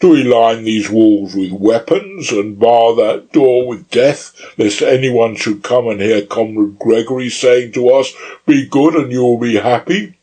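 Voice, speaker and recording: A man doing a fiery young orator, slow and rousing. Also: mid-range voice, mellow, husky, rough recording. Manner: rousing, declamatory.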